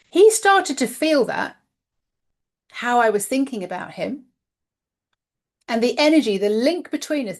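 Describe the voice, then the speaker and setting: A woman, the host of a spiritual channel, telling a personal story in a chatty, candid way with some mild swearing. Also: mid-range voice.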